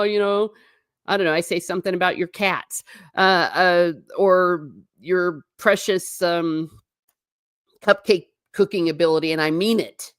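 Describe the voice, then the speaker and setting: A woman hosting a casual livestream, rambling in an animated way and talking straight to her viewers in chat. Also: fairly low pitch, a little slow, clear, resonant tone, dry recording, studio quality. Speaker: livestream host.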